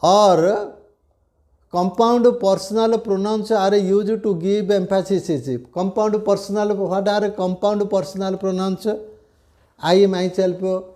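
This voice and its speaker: A man's voice: sits high, fairly even intonation, slow, darkish tone. Older man with an Odia accent, teaching. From India. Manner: repeats key phrases, checks understanding, mixes English with Odia and Hindi. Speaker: retired headmaster teaching grammar. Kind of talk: classroom grammar lecture.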